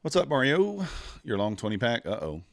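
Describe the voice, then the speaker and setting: A man's voice: medium pitch, wildly swooping pitch, normal speed, gravelly, dry recording, clean studio sound. A tired young man, chatting casually with live-stream viewers while trading. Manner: laid-back, drawling, greets chat viewers. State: tired, yawning. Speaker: futures trader streaming live.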